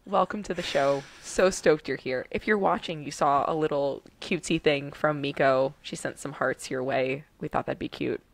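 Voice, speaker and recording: A woman's voice: low voice, normal speed, vocal fry, hardly any pauses. A woman co-hosting a podcast, talking in a bubbly, chatty and self-deprecating way. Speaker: podcast co-host. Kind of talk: casual podcast chat.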